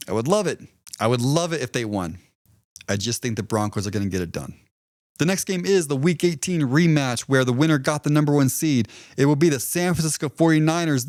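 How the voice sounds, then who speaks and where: A man hosts a solo sports podcast and rants at a rival team with heated, profane sarcasm. His pitch swings widely, leaping up when he mocks his rivals in a whiny high voice. The sound is close and dry, with no room around it. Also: darkish tone, no echo. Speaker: podcast host.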